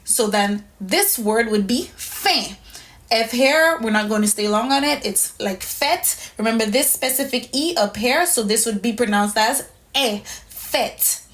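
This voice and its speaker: A woman's voice: fairly high pitch, a little slow, a bit bright. A woman teaching a pronunciation lesson step by step, patient and methodical, often checking in with "right?". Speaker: language teacher.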